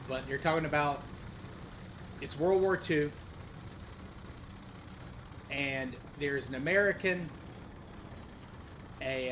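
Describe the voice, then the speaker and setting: A man's voice: on the high side, a bit bright, a little hiss or hum. A man streaming a tank game, chatting casually and telling a long rambling story with fillers. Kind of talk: casual chat while gaming.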